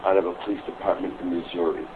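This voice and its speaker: A man's voice: sits low, level tone, rapid-fire. Rambling middle-aged man on a muffled call. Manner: rambling, repeats himself, swears freely. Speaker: prank call victim. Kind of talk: rambling phone conversation. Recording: muffled lo-fi call recording with faint hiss.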